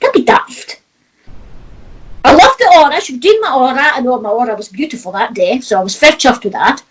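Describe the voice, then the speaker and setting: A woman's voice: sits high, animated, a little fast, husky, rough recording. A middle-aged woman from north-east Scotland with a Doric accent, a psychic medium telling stories in a chatty way, laughing often and swearing. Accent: north-east Scottish (Doric). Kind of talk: casual chat.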